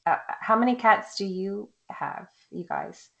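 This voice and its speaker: A woman's voice: medium pitch, sing-song, a little slow, creaky, fairly bright tone, echoey room, highs cut off. A woman hosting a podcast interview, speaking in an upbeat, friendly way. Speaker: podcast host.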